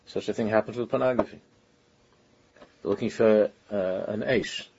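A man with a husky, somewhat low voice delivers an informal Torah lecture, speaking earnestly in a loose, conversational way. He often pauses and restarts his sentences as he works through his point. The recording sounds dull and lo-fi. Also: a little mellow. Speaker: religious teacher.

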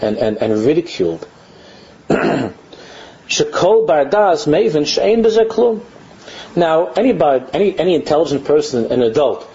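Animated man lecturing on a religious text. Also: fairly high pitch, highs cut off. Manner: animated, mimics mocking children, repeats phrases. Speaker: Torah teacher.

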